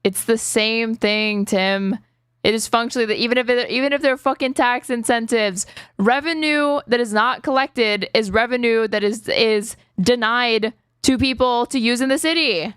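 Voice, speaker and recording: A woman with a smooth, clean voice rants on her stream, exasperated and swearing freely. Her voice is recorded dry and close. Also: on the high side, moderate pace, fairly bright tone, no room sound. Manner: exasperated, profane ranting. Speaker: streamer host. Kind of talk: reaction-stream commentary.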